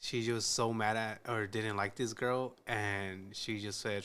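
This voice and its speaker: Slow, bright-voiced male reaction host. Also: fairly low pitch, level tone, clear, resonant tone. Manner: slangy, exclamatory interjections. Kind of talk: reaction commentary.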